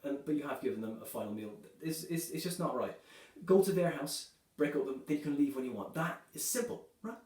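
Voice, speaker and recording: A man performing a stand-up comedy set, delivering dark jokes in a loose, chatty way, filling his lines with "you know" and "right". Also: fairly high pitch, expressive, a little fast, few pauses. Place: comedy club stage. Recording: echoey room, voice from a distance.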